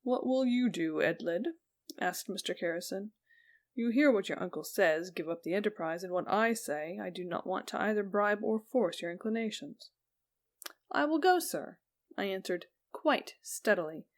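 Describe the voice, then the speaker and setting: A woman reading a Victorian ghost story aloud as an audiobook narrator, slow and even, dropping softly on the speech tags. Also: medium pitch.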